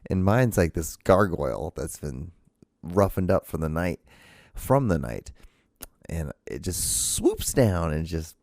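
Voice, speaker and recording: A man hosting a casual reaction vlog, rambling in a sarcastic, profane, deadpan way. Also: low-pitched, slow pace, gravelly, no room sound, clean studio sound. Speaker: show host.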